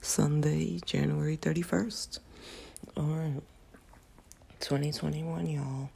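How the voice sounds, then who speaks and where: A young woman talks through a casual solo podcast, candid and slangy as she vents. She has just woken up, so her voice is groggy and cracks. Her voice sits low and mellow with a strong gravelly fry. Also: steady tone, takes it slowly. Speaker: podcast host.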